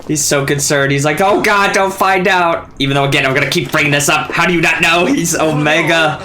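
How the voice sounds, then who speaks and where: A man's voice: fairly high pitch, level tone, fast talker, a little hiss or hum. A man hosting a casual reaction video, chatty, laughing often and blurting out his reactions. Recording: show audio playing loudly beneath.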